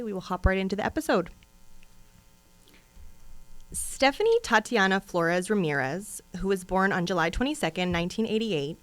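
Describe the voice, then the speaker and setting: A woman co-hosting a true crime podcast in casual, chatty talk, rambling into asides and laughing often. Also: on the low side. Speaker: podcast co-host.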